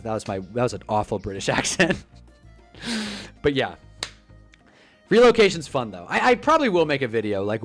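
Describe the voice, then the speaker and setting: A young man hosting a casual football livestream, animated and rambling, joking as he reacts to chat. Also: a little high. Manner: animated, rambling, quick to joke.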